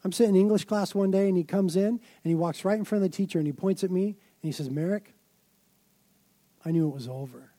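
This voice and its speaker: A man preaching a sermon in a fairly high yet mellow voice. He tells his stories dramatically, piling up emphatic phrases, and the recording is dry and close. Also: racing, few pauses, dry recording. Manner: dramatic storytelling, emphatic build-ups. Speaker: pastor.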